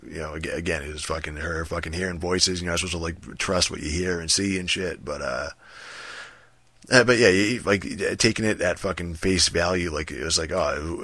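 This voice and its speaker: A man's voice: sits low, fairly bright tone, no echo. A man ranting casually about a video game, profane and rambling, with many fillers and restarts. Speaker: gaming commentator.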